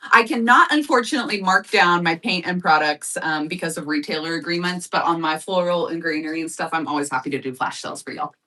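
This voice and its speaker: Bright-voiced chatty woman hosting a live sale. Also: on the low side, quick pace, hardly any pauses, recorded from a distance. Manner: chatty and upbeat, addresses viewers as y'all. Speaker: live shopping host. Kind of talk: casual live-stream sales chat.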